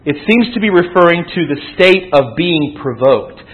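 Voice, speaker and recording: Earnest preacher man, slightly high voice. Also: lively intonation, normal speed, dull audio. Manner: earnest teaching, rising to emphatic peaks. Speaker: pastor. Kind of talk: sermon.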